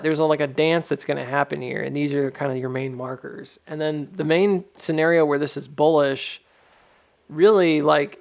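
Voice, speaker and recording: A man's voice: on the high side, vocal fry. A man hosting a livestream in casual chat, rambling and full of fillers. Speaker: livestream host.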